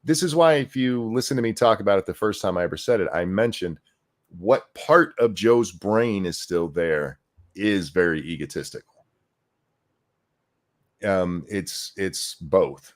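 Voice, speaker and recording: A man hosting a casual political chat, animated and sarcastic. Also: sits low, measured pace. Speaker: host.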